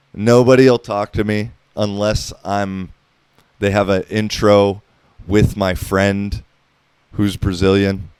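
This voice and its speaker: A man's voice: lowish voice, darkish tone, clean tone, dry recording. An American man in his thirties hosting a podcast, rambling casually with lots of profanity and filler words. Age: 30s. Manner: laid-back, profane, heavy on filler words. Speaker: podcast host.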